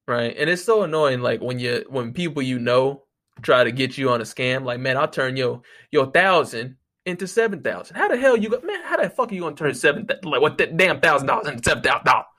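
A man's voice: mid-range voice, sing-song, fast talker, bright, forceful tone. A man ranting casually as a podcast host, profane and exasperated, talking close to the microphone and mocking the people he quotes. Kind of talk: casual solo rant.

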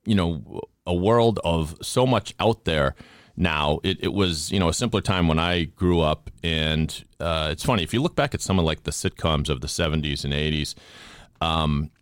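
Rambling fifty-something man host, very deep. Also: moderate pace, no echo, studio quality. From Boston area. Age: 50s. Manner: rambling, self-deprecating, jokey with restarts. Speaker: podcast host. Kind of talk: casual interview chat.

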